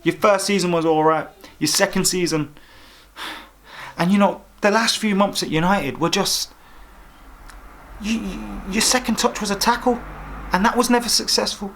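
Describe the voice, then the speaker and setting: A man's voice: high-pitched, normal speed, gravelly, pauses often, a bit bright. A man hosting a football fan vlog, giving opinionated commentary in an exasperated, sarcastic rant. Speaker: football fan vlogger host.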